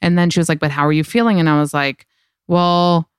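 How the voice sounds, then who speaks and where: A woman's voice: lowish voice, fairly even intonation, a little fast, smooth, dry recording, clean studio sound. Candid young woman telling a birth story. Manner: candid, profane, lots of "like". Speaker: podcast host. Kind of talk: casual storytelling chat.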